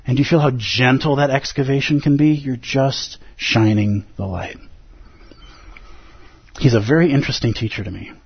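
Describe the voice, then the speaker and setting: A man teaching at a Zen center, giving an emphatic, animated dharma talk and acting out the inner voices of his listeners. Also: medium pitch, moderate pace, husky, dry recording, dull audio. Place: Zen center meditation hall.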